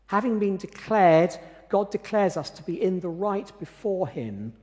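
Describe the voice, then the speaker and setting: A man preaching a sermon in a measured, emphatic way, pausing often to stress his words. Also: fairly high pitch, darkish tone. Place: church. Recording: reverberant church sanctuary.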